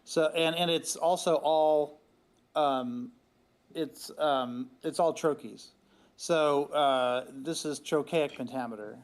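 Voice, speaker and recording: Slightly high-voiced man explaining. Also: slow. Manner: explanatory, thinking aloud. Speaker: discussion co-host. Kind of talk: casual live discussion.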